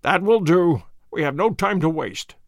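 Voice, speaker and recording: A cool, commanding detective in an audiobook, speaking with brisk authority, voiced by a male reader. His voice sits high and moves a lot. The recording is close and dry. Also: big pitch swings, vocal fry, a bit bright, no echo, full character voice. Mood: firm. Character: cool, firm master detective.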